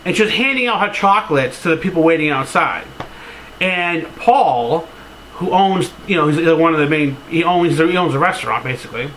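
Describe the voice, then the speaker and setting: A man's voice: on the high side, expressive, moderate pace, fairly bright tone, slight background noise, rough recording. A man vlogging casually, rambling through a sentimental story with lots of "like" fillers and casual swearing. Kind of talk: casual to-camera vlog.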